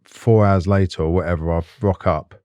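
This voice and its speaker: A man hosting a podcast, talking in a relaxed, conversational way. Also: low voice, normal speed, clear, resonant tone, dry recording, muffled recording. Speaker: podcast host. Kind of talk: casual conversation.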